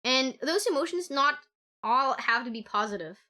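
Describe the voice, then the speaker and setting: A woman streamer chatting casually at home into a desk microphone, gushing with excitement, giggling often and swearing casually. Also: high-pitched, normal speed. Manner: gushing and excitable, squealing with delight. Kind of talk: casual live-stream chat.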